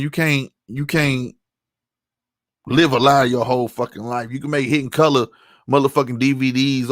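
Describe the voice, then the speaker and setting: A man's voice: mid-range voice, fairly bright tone, no room sound, studio quality. A man giving a heated commentary rant, angry and profane, often tossing in "you know what I'm saying". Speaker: online commentator.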